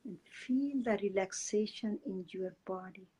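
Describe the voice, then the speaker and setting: A woman teaching and leading a guided meditation, giving gentle step-by-step breathing instructions. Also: medium pitch, husky, rough recording. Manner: slow, gentle guiding instructions.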